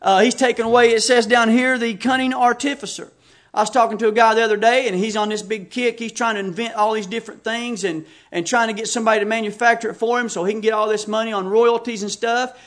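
A preacher from the United States giving an emphatic sermon, reading scripture aloud and telling stories. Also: male voice, very high voice, steady tone, fast talker, a bit bright. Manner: emphatic, reads scripture aloud and tells anecdotes.

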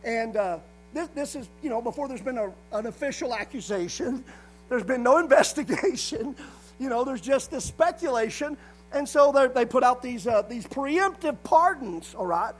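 A man preaching a sermon, reading scripture slowly and with emphasis. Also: very high-pitched, animated, soft background music, rough recording.

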